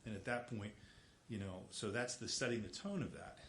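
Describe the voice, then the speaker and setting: A low-voiced man gives an informal lecture, retelling a story in a loose, rambling way. He fills pauses with "uh" and "you know" and keeps correcting himself as he goes. The recording sounds roomy and echoey, with a faint hiss underneath. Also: a bit bright. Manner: rambling, filler-heavy, self-correcting. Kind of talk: casual lecture retelling an opera plot.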